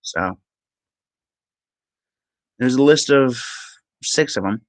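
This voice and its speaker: A man vlogging and reading aloud from the screen, halting with ums and self-corrections. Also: medium pitch, expressive, no echo, low-quality recording. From Minnesota. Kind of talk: reading aloud from web pages.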